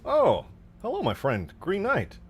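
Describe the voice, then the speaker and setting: A man putting on a high, pompous gentleman. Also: huge pitch swings, a little slow, a little hiss or hum, heavily acted. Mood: haughty. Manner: mock-posh, high, sing-song delivery. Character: pompous, overly formal gentleman, male.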